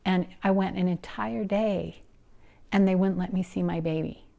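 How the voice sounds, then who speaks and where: A middle-aged woman telling her personal story in an earnest, emotional way, her voice going soft and breathy at the tender moments. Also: lowish voice, fairly even intonation, moderate pace. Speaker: interviewee, nonprofit founder and mother. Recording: soft music underneath.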